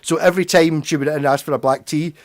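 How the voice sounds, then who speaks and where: A man's voice: on the high side, steady tone, fast. A young Scottish man with a Glaswegian accent, chatting casually and rambling on a livestream, swearing freely. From Scotland. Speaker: livestream host.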